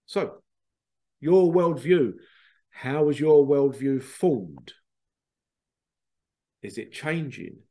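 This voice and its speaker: A man talks alone into his podcast mic. His pitch sits in the middle of the male range. He rambles, repeats his words and keeps putting questions to his listeners. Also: mellow. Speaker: podcast host. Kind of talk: casual solo podcast monologue.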